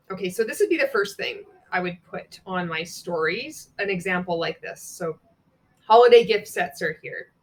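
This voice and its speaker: Young woman vlogger talking casually, blunt, swears a lot, mid-pitched voice. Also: a bit bright. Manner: candid, blunt, swears freely, laughs at herself. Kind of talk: casual chat walking through examples.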